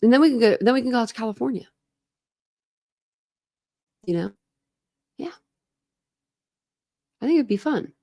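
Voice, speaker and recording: Her voice sits a little high and sounds mellow and expressive, moving at a moderate pace with long pauses. This US woman is streaming true crime chat from her home on a desk camera rig, rambling casually with viewers amid laughs and fillers.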